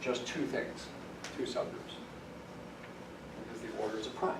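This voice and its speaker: A man's voice: medium pitch, little pitch movement, moderate pace. A man, a math professor, giving a classroom lecture, explaining step by step and stressing key words. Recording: echoey classroom from some distance, faint hiss.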